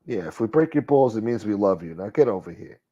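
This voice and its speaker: A man with a low, mellow voice talks quietly and casually, answering the comments in his livestream chat as they come in. The sound is dull and lo-fi, like stream audio. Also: expressive, quick pace. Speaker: livestream host reading chat.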